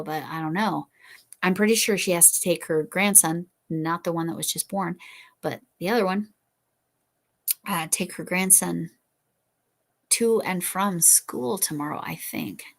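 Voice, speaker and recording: A middle-aged woman with a slightly low voice chats casually on a crochet livestream. She rambles from one thought to the next, reads out viewer comments and apologizes often. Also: normal speed, creaky. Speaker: livestream host. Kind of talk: casual chat while crocheting.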